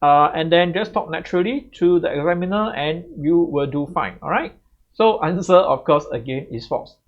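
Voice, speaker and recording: A man teaching English delivers exam tips straight to camera, his slightly high voice expressive and moderately paced. Chatty throughout, he tags sentences with a checking "right?", and the audio comes through somewhat muffled and lo-fi.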